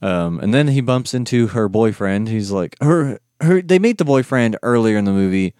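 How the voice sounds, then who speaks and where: A man's voice: expressive, moderate pace, darkish tone, clean tone, dry recording, clean studio sound. A man in casual chat, retelling a movie scene by scene and acting out the quotes. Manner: acts out quotes in a higher voice, loose and laughing. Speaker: movie discussion co-host.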